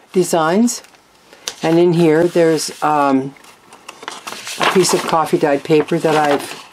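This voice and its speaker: Craft-channel host, woman, deep-ish voice, unhurried, chatty and rambling with candid asides, faint hiss behind her. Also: darkish tone. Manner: chatty, meandering, frank asides. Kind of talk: casual craft show-and-tell.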